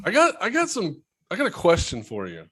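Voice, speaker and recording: Young male podcast co-host, slightly high, bouncy voice, animated storyteller. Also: fairly quick, breathy edge. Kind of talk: casual chat.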